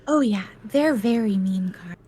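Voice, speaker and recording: A woman's voice: medium pitch, expressive, measured pace, mellow, slightly rough, rough recording. A woman player in a tabletop game, playful and a little stammering.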